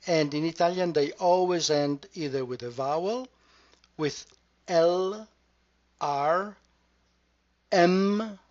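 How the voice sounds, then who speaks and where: A man teaching a pronunciation lesson, repeating each word slowly and carefully to model its sound. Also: fairly high pitch. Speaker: language teacher. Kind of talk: slow, deliberate pronunciation lesson. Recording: dull lo-fi recording.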